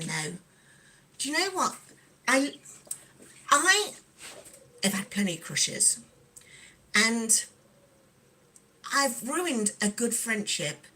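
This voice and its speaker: A woman's voice: medium pitch, sharp tone, slight background noise. A middle-aged woman with a Nottingham accent, chatting casually on a livestream and reading out viewer comments with frequent giggles. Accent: Nottingham English. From England. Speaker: livestream host. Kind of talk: casual livestream chat while sewing.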